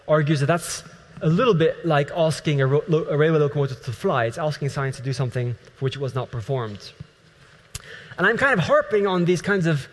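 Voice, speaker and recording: Man, fairly high voice, earnest lecture, long hall reverb. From Netherlands. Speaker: scientist giving a talk to a Christian group.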